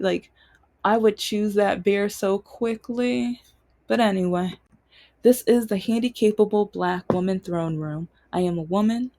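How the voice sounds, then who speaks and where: A woman's voice: mid-range voice, darkish tone. Candid woman telling a personal story. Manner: emotional, candid, frank. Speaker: podcast host.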